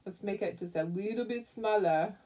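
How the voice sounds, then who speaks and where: A woman's voice: medium pitch, moderate pace, mellow, recorded from a distance, a little hiss or hum. A woman hosting a casual craft tutorial at home, chatty and giggly as she talks viewers through each step.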